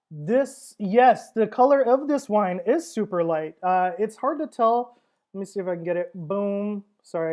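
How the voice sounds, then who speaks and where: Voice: medium pitch, a little mellow. A wine seller hosting a casual livestream tasting, talking in a chatty, rambling way with frequent fillers and laughs.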